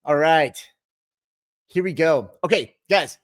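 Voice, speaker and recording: A man's voice: on the high side, slow pace. Upbeat man hosting a fitness livestream. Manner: upbeat, encouraging, with many restarts. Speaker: fitness coach hosting a live Q&A. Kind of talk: livestream Q&A, reading viewer comments.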